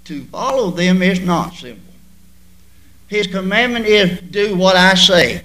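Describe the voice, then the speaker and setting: A man preaching a sermon to his church, with sudden loud bursts and drawn-out emphasis. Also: high voice, animated, low-quality recording. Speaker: pastor.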